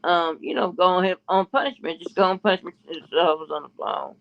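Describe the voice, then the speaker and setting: Gravelly man telling gossip, lo-fi. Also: sits high, brisk. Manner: rambling, restarts often, quotes others in a raised voice. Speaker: podcast co-host. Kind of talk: casual gossip storytelling. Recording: muffled lo-fi audio.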